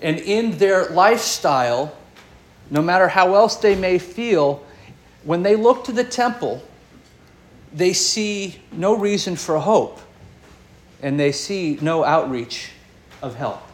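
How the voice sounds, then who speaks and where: A man preaching a sermon, delivering it expressively, his voice swinging up and down with dramatic pauses. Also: sits high, animated. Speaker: pastor.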